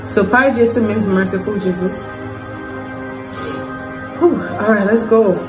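Woman reacting to a video, slow gushing exclamations, echoey room, loud music behind. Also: medium pitch. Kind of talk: casual reaction commentary. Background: loud music from the clip.

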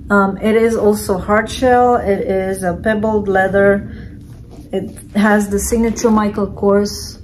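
A woman vlogger casually unboxing and reviewing secondhand handbags, talking in an unhurried, hesitant way with many fillers. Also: mid-range voice, background noise. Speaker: reseller vlogger.

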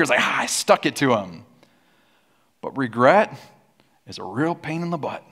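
A man's voice: sits high, a bit bright. A man preaching a sermon as pastor, with a sarcastic, humorous storytelling manner and call-and-response with the congregation. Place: church auditorium.

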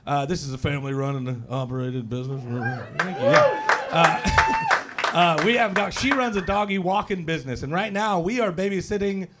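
A male comedian doing a stand-up set, loud and exuberant and working the crowd, recorded live on a club stage mic. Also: high-pitched, very animated, normal speed, very noisy.

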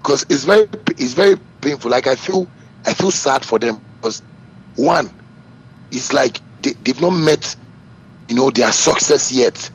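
On a rough recording, a man from Ghana speaking Ghanaian-accented English fires back at a critic with an indignant, bragging rant. His voice is expressive and slightly rough, a little slow, and it rises in pitch as he grows worked up.

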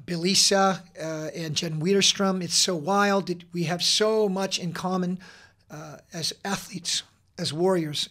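A middle-aged man talking as a podcast guest, earnest and energetic, with many fillers and restarts. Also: high-pitched. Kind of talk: casual interview talk.

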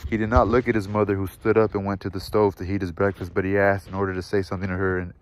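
Low, flat-voiced man reading a novel aloud. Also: a little hiss or hum. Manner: steady, measured, with occasional self-corrections. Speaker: audiobook reader.

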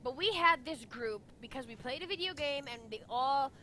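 Woman, casual chat co-host, bright tense voice, slightly high pitch, cursing constantly, faint background noise. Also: animated, moderate pace. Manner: profane, blunt storytelling; talks with her hands. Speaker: podcast co-host.

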